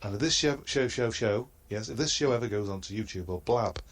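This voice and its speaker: A man doing a comedy roast in a halting, hesitant delivery and chuckling at his own crude jokes. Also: lowish voice. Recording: noisy line.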